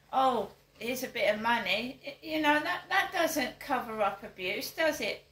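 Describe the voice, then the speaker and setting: A woman's voice: a little high, pushed and bright, echoey room, rough recording. An older woman, talking straight to camera, stressing her points and repeating them as rhetorical questions. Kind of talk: direct-to-camera monologue.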